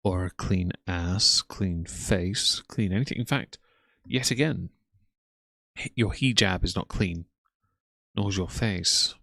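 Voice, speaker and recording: A man with a very low voice delivers sneering live commentary on someone else's stream. His voice sounds close and dry, with almost no room around it. He mocks the streamer and greets his own chat in between. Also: takes it slowly, pushed and bright, dry recording. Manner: scornful, mocking running commentary. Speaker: commentary streamer reacting to a livestream.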